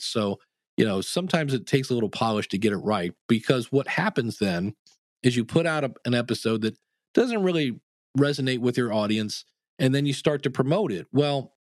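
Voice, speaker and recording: Animated podcast coach, dry sound. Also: male voice, medium pitch, moderate pace, no room sound. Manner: animated storyteller, acts out quoted people. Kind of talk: interview answers.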